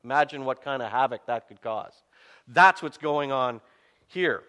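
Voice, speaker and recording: A man preaching a sermon as a pastor, telling the story in an animated way with self-mocking humor. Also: mid-range voice, measured pace, in a large hall.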